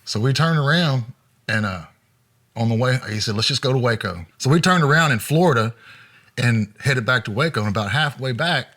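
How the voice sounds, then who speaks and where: A man, a former road manager, telling road anecdotes in a relaxed interview with frequent chuckles. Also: mid-range voice, normal speed. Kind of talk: storytelling interview.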